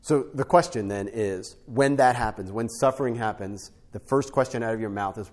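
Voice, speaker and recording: A middle-aged man, a podcast guest, teaching on spiritual life through a family story, with an animated storytelling manner that often checks in with "right?". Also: mid-range voice, brisk. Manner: animated storyteller, rises to emphatic peaks, frequent "right?" tags.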